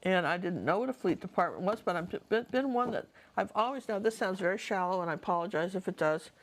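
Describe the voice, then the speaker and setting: A woman's voice: mid-range voice, lively intonation, quick pace, slight background noise. A middle-aged woman painting and telling stories from her life in a chatty, digressive way, talking straight to the viewer. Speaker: painter and storyteller. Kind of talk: casual storytelling while painting.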